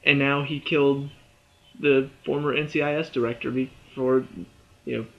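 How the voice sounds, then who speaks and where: A man giving a casual, animated spoken review of a TV episode, chatty and full of "you know" and "uh". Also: mid-range voice, normal speed, creaky, highs cut off.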